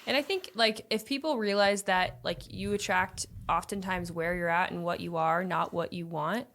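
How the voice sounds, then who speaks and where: Earnest low-voiced young woman coaching. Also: normal speed, fairly bright tone. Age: young adult. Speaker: host. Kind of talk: casual relationship chat.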